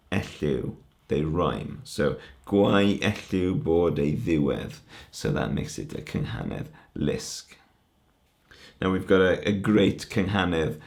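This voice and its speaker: Deep slow guy with a gravelly voice, patiently walking through a welsh poem line by line. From Wales. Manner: patient, explanatory, breaks words into syllables. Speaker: language teacher. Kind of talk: conference talk explaining Welsh poetry.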